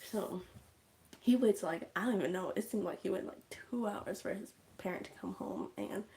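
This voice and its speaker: A woman casually recapping a movie on her livestream, chatty and animated, acting out scenes and dropping into whispers. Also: mid-range voice, normal speed.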